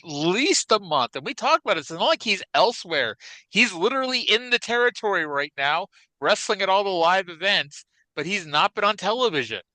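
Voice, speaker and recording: A man co-hosting a podcast, chatting casually about classic wrestling in an animated, rambling way with many restarts. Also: sits high, brisk, no echo, poor audio. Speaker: podcast co-host.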